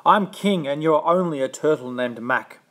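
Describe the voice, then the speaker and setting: Pompous, bellowing storybook turtle king, raised and loud, a man acting him out. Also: on the high side, moderate pace, lightly acted. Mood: boastful bellowing. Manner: barking, bellowing, bossy.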